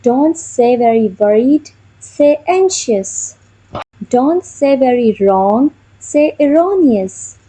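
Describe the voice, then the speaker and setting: Slow, high-voiced woman teaching vocabulary. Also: lively intonation, dark tone, husky, poor audio. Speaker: English teacher. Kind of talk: scripted vocabulary lesson.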